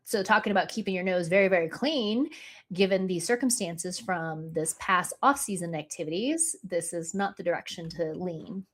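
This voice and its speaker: A woman's voice: on the low side, normal speed. A woman co-hosting a casual live chat show over a video call, friendly and easygoing. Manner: friendly, easygoing, laughs often. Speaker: co-host.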